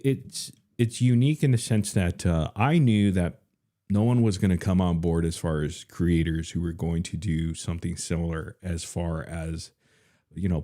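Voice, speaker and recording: Man, very deep voice, dark tone, relaxed, hesitant, casual chat. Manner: relaxed and hesitant, many fillers. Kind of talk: casual live-stream chat.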